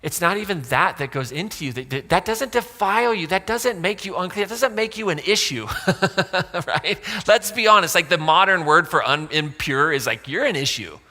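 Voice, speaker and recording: A man's voice: sits high, expressive, moderate pace, bright, forceful tone. A man preaching a sermon in a church, conversational and joking, full of asides. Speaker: pastor. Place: church auditorium. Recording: long church reverb.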